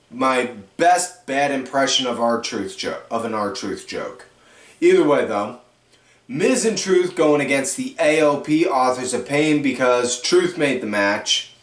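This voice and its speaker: Slow-talking man recapping wrestling. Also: medium pitch. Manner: animated play-by-play storytelling with self-corrections. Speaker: podcast host. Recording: echoey room, distant mic.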